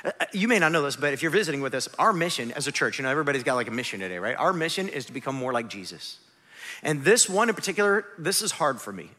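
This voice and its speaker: A pastor in his forties preaching a conversational sermon, asking rhetorical questions and swinging from hushed to emphatic. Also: on the high side, big pitch swings, very fast. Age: 40s. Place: church sanctuary. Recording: long reverb of a large hall.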